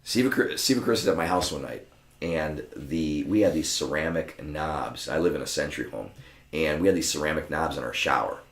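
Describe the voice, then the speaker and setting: A man's voice: very deep voice, fairly quick. A man guesting on a podcast, telling casual, profane stories and acting out what other people said. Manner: profane, animated, acts out other people's lines. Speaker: podcast guest, martial arts school owner. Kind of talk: casual anecdotal storytelling. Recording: roomy echo.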